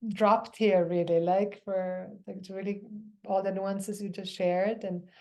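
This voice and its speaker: A woman hosting a reflective podcast interview, soft and affirming as she encourages her guest. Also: mid-range voice, little pitch movement, a little slow. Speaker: podcast host.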